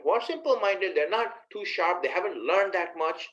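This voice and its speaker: Male preacher, higher-pitched voice, chatty sermon delivery, muffled lo-fi audio. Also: lively intonation, moderate pace, a bit bright. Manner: conversational, addresses listeners directly with rhetorical questions. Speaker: Islamic preacher.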